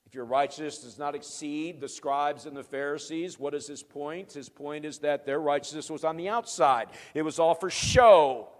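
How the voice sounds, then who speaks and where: Man, pastor, emphatic sermon, slightly high voice, long church-hall reverb. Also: moderate pace, hardly any pauses. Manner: emphatic preaching, swinging from quiet to loud; rhetorical questions answered himself.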